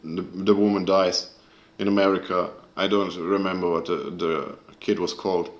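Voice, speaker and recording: Deep-voiced man ranting angrily, echoey room. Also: little pitch movement, moderate pace, muffled recording. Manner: angry, profane, searching for words. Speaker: video creator. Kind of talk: casual rant to camera.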